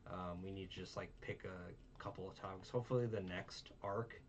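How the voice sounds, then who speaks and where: A man's voice: low voice, fairly even intonation, a little fast. Tired young man rambling a show recap. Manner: rambling, with many fillers and self-mocking asides. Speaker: podcast host. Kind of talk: casual review chat. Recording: distant, dull mic with faint noise.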